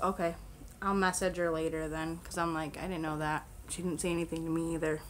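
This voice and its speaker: A woman's voice: low-pitched, flat delivery, brisk, a little hiss or hum. A young woman chatting casually on her own live stream, rambling with lots of fillers and frequent laughter, recorded on a camera on a selfie stick at home. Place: home room with a fan on.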